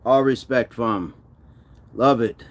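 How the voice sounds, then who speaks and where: A man's voice: mid-range voice, takes it slowly, slight background noise. A man hosting a casual fitness livestream, reading viewer comments aloud between push-ups and laughing often. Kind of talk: casual live-stream chat.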